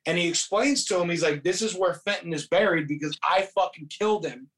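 High-voiced guy cussing his way through a movie recap, mic kinda far off. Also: a little fast, a bit bright. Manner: profane, rambling storytelling with quoted voices. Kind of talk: casual movie recap chat.

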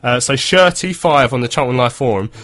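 A man's voice: mid-range voice, animated, a little fast, a bit bright. A man in his thirties hosting a casual football chat, chatty and laughing often as he reads out listener messages. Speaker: football podcast host.

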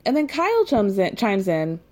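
A woman recapping a reality show in casual commentary, blunt and sarcastic, swearing freely and rising to incredulous highs. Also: huge pitch swings, moderate pace, darkish tone.

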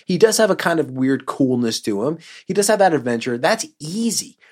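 Emphatic, animated podcast co-host. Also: male voice, fairly high pitch, fairly quick. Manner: emphatic, repetitive, builds arguments in bursts. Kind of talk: casual chat.

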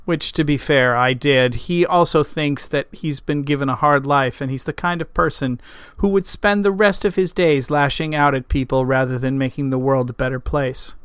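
A man's voice: medium pitch, moderate pace, few pauses, fairly bright tone, smooth, no room sound, natural voice. A man reading the part of a plain-spoken modern man serving as a knight, talking in a candid, matter-of-fact way.

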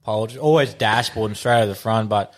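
A man's voice: fairly low pitch, a little fast. An Australian man, a rodeo rider guest, telling rambling anecdotes with plenty of swearing. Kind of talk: casual chat.

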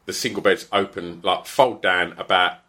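A man's voice: sits low, normal speed. A middle-aged man telling a story in casual chat, swearing freely and acting out what people said. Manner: animated, swears freely, acts out quotes.

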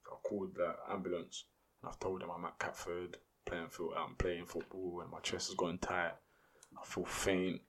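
A man, a podcast guest telling a story in casual, slangy, animated speech. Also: sits low, normal speed.

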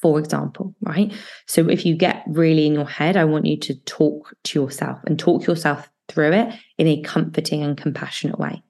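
Low-voiced woman giving coaching advice. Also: fairly even intonation. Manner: warm, reassuring self-help delivery with slow guided breathing passages. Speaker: podcast host and coach. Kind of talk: solo advice podcast.

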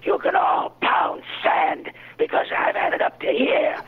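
A man's voice: measured pace, narrow, tinny audio, close to an everyday voice. A man voicing a hateful, cynical, arrogant male demon who talks with sneering contempt. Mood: scornful.

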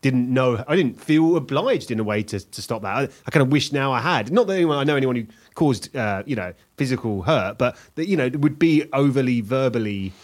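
A man in casual podcast chat, musing aloud in an animated way and swearing freely. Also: medium pitch, a little fast, few pauses.

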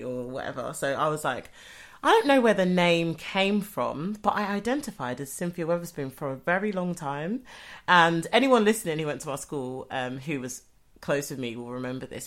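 A young woman co-hosting a podcast in casual chat, joking and laughing often. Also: deep voice. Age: young adult. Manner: joking, laughs often, trails off into soft asides. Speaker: podcast co-host.

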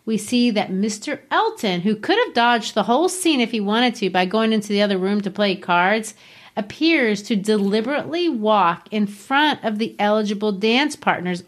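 A woman hosting a book discussion podcast at an ordinary middle pitch. She recaps and narrates with enthusiasm, like a storyteller. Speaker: podcast host.

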